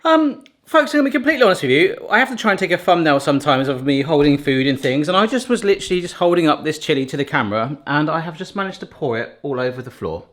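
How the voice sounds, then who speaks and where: A man's voice: fast talker, few pauses. A man chatting cheerfully through a home cooking video. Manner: chatty, jokey, lively pitch. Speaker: cooking vlogger. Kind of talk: casual cooking narration.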